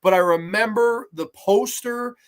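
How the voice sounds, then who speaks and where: A man's voice: high voice, a little slow. A man in his twenties hosting a horror movie review, talking casually with a profane, sarcastic, ranting manner. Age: 20s.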